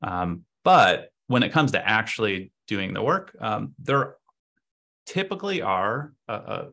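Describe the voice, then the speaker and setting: A man with a very low voice speaks as a podcast guest. There is a gravelly fry running through his words. He gives long, explanatory answers in casual interview talk and works out his points aloud. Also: big pitch swings, measured pace, sharp tone. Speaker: podcast guest, agency co-owner.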